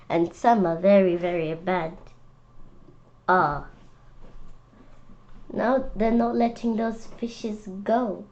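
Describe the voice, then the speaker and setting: A woman reading children's picture books aloud, lively and expressive, with stumbles and restarts. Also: fairly low pitch, slow pace, long pauses, lo-fi sound. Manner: expressive, loud character voices, stumbles and restarts. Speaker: storyteller.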